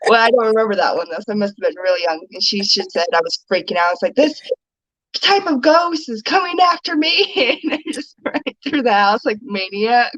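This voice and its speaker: A woman's voice: mid-range voice, fairly quick, long pauses, a bit bright, dry recording, poor audio. A woman guest chatting casually on a video call, telling stories loosely and laughing often. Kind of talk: casual live-stream chat.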